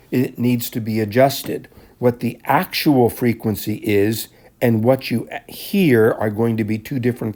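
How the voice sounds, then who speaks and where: A man teaching a class, explaining the material in a measured, step-by-step way and often clearing his throat. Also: on the low side, warm tone. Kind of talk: classroom lecture explaining handouts.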